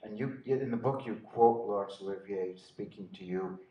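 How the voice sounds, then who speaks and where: A man with a lowish voice asks measured questions that lead his guest through her stories. He sounds distant from the microphone in an echoey space. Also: lo-fi sound. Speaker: interviewer. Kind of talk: interview questions. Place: cinema. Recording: echoey room, distant mic.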